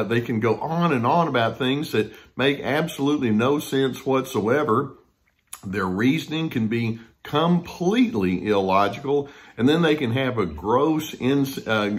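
Conversational male counselor. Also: mid-range voice. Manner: conversational, acts out the people he quotes. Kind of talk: talking to camera about difficult people.

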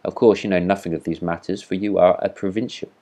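A man's voice: deep voice, steady tone, fast talker, warm tone. A man voicing a vain, boastful firework rocket in a storybook reading, speaking in a haughty, self-important manner.

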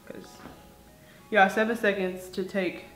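A young woman co-hosting a casual challenge vlog, giggly and animated. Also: medium pitch, unhurried. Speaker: co-host. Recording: echoey room with faint music.

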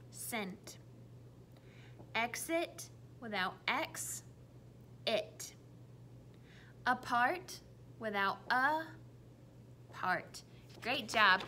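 A woman teacher leading a phonics lesson for children, saying each word clearly and repeating it for the class to echo. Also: on the high side, bright, forceful tone, a little hiss or hum. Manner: slow, clearly enunciated, repeats words for kids to echo.

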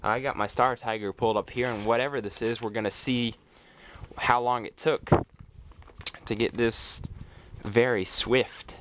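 A man casually unboxing mail on his vlog, chatty and excitable, thinking aloud as he goes. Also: medium pitch, unhurried, long pauses, very noisy. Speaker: autograph collector vlogger.

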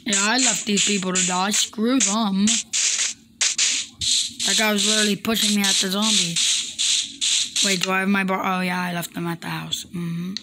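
A woman's voice: mid-range voice, flat delivery, moderate pace, long pauses, heavy background noise. A woman hosting a casual Minecraft let's play, chatty and profane, talking back to the game characters. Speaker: gaming video host.

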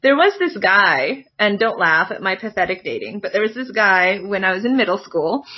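A woman co-hosting a podcast in casual chat. She reacts quickly and swears freely. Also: medium pitch, very animated, husky, highs cut off. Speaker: podcast co-host.

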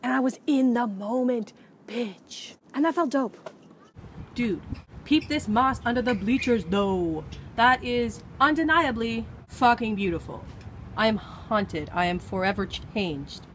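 Young woman, somewhat high voice, rambling and profane, outdoor vlog, faint background noise. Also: expressive, a little slow. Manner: profane, rambling, swings from shouting to whispering. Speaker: vlogger. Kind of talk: rambling comedic vlog monologue. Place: outdoors at a baseball field in the rain.

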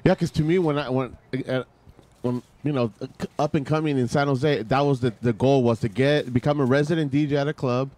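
Brief: male host, mid-pitched, laid-back, casual. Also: fairly even intonation, brisk, dark tone. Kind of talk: casual chat.

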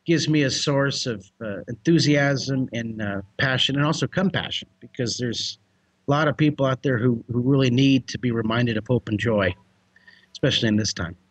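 A man's voice: medium pitch, moderate pace, breathy edge. A middle-aged American man, a drawing teacher, telling a story animatedly with bursts of laughter. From United States. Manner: excitable, shouts and laughs mid-story.

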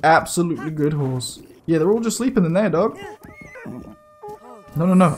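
A young man commenting on his gameplay casually, excitable and swearing, often yelling in surprise. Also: a little high, moderate pace, long pauses. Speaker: let's play gamer.

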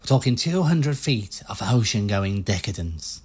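A man's voice: fairly low pitch, big pitch swings, measured pace, breathy edge, heavily acted. A man doing a slick American ship salesman. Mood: smooth salesy. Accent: put-on American salesman accent. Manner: slick, hard-selling patter. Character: pushy fast-talking male used-ship salesman.

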